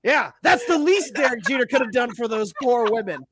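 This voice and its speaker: A man's voice: very high voice, lively intonation, brisk, a crowd in the background. A young man co-hosting a casual sports podcast, ranting with lots of profanity and "like" fillers. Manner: frequent "like" fillers and restarts. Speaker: podcast co-host.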